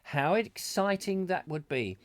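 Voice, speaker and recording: A man's voice: high voice, animated, a little slow, no echo. Playful rambling man hosting. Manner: rambling, playful, jokey asides. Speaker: comic chat show host. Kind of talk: live comic chat, reading viewer comments.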